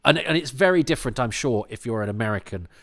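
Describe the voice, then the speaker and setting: A man's voice: mid-range voice, expressive, fast talker, a bit bright. A British man chatting casually on a podcast, full of false starts and repeated words, with chuckling asides. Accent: British English. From Britain. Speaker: podcast commentator. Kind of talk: casual chat.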